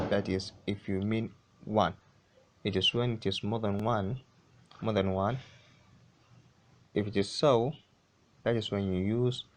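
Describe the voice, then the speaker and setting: A man teaching English pronunciation, saying each word slowly and repeating it several times. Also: fairly low pitch, fairly even intonation, slight background noise. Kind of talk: pronunciation lesson.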